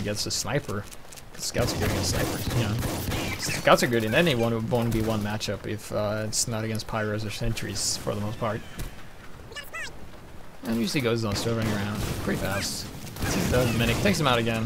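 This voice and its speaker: A young man giving casual, rambling gameplay commentary, swearing freely and breaking into excited bursts. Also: medium pitch, background noise. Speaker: game commentator.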